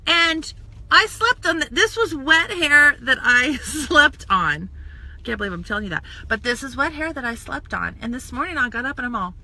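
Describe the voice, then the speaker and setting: A woman chats casually on a live stream, talking straight to her viewers with lots of energy. Her voice sits a little high and sounds very bright. She sounds like she is close to a phone or webcam mic. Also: expressive, moderate pace. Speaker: social media coach and makeup seller.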